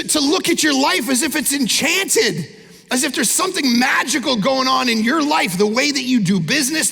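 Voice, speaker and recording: A man preaching an energetic sermon, his voice high and heavily gravelly. His tone is bright and husky. He pushes up into shouts and acts out the people he describes, and a long hall reverb trails each line. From Canada. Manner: animated, shouting peaks, mimics people. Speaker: pastor. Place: large church auditorium.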